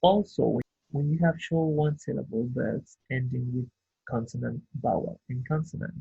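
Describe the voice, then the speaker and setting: A man's voice: mid-range voice, normal speed, vocal fry, warm tone, slightly rough. A man teaching an English grammar lesson, explaining patiently step by step and checking in with his listeners. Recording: tinny phone-like sound.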